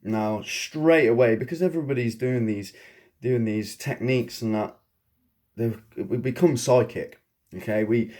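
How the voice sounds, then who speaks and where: A man telling a personal story in a casual vlog monologue, rambling and excitable, often chuckling. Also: medium pitch, a little slow. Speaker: vlogger.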